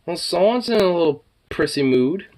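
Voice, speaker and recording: Expressive and a little mellow, this high-pitched man talks at a moderate pace to his cats at home. He ribs them with playful mock insults and swearing, then melts into cooing baby talk.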